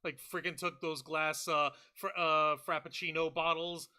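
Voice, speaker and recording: A man with a very bright, slightly high voice co-hosts a casual review chat. He keeps a laid-back, joking tone and wanders through asides. Everything is relaxed banter. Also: moderate pace, smooth. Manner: laid-back, jokey, reads live chat. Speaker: wrestling review co-host.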